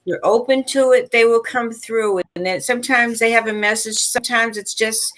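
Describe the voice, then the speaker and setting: A woman hosting a livestream of psychic readings, explaining things calmly and reassuringly. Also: fairly high pitch, normal speed. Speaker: host and psychic reader. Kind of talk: livestream chat.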